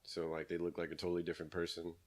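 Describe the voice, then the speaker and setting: A man's voice: low voice, completely flat delivery, rapid-fire. A man, a comedian, in casual podcast chat, laying out a joke step by step in a laid-back way. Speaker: stand-up comedian.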